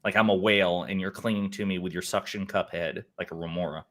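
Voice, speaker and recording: Teasing young man with a bright voice. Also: deep voice, steady tone, fast talker. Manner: teasing, joking, playful sarcasm. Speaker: livestream co-host. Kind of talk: casual banter.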